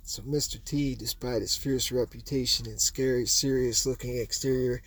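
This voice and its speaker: Quiet man telling a personal story. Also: medium pitch, steady tone, moderate pace, husky.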